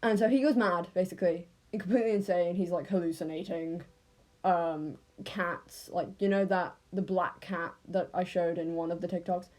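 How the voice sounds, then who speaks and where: A woman's voice: lowish voice, fairly even intonation, moderate pace, darkish tone. A woman with an English accent, telling an unscripted story in a casual, rambling way and often correcting herself.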